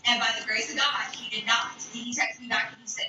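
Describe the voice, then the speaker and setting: Young woman w/ a high voice telling a wild night-out story, swears a lot, super echoey room, youtube noise in the back. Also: a little fast, dull audio. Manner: profane, animated, chatty. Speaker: streamer. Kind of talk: casual storytelling. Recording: echoey room, far from mic, background noise. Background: video playing in the background.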